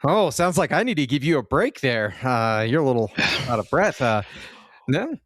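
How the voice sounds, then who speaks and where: A man co-hosting a casual gaming podcast, relaxed and laughing often, with the odd swear. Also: mid-range voice, moderate pace, dry recording. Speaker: podcast co-host.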